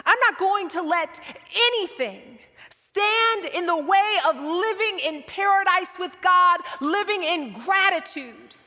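A woman delivers a sermon in a very high, bright voice. She speaks slowly and dramatically, often dropping to a near whisper. Her voice rings with the long reverb of a large hall. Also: expressive. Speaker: preacher.

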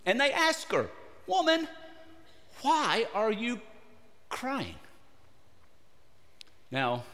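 A man preaching a sermon with a high, very lively voice that rises and falls across wide swings of pitch. He speaks in short phrases broken by pauses and keeps putting questions to his listeners. The sound carries a long reverb from a large church sanctuary. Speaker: pastor.

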